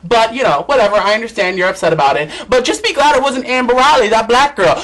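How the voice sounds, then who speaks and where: A man dishes celebrity gossip on his vlog in a high, bright voice. He is sassy, campy and outspoken. His pitch leaps up and drops low. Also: sing-song, a little fast, few pauses, low-quality recording. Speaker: vlog host.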